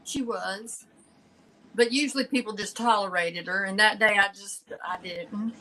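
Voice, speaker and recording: A woman's voice: medium pitch, a little slow, pushed and bright, low-quality recording. An older woman, telling a family story in casual chat, often laughing and cutting herself off. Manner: chatty, laughs often, self-interrupting. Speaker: channel host.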